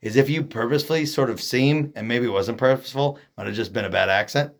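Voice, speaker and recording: A man's voice: medium pitch, fast. A man from Oregon co-hosting a podcast in casual chat, rambling and joking, often trailing off mid-sentence. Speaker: podcast co-host.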